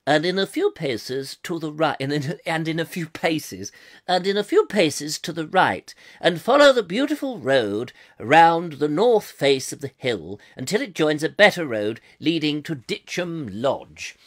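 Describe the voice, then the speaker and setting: A stately, old-fashioned male BBC announcer, as a comic host puts him on, with a posh English received pronunciation accent and a slightly high, lilting voice. He reads out directions slowly and with measured, declaiming care, like a vintage radio broadcast. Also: very animated. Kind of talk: mock vintage radio narration.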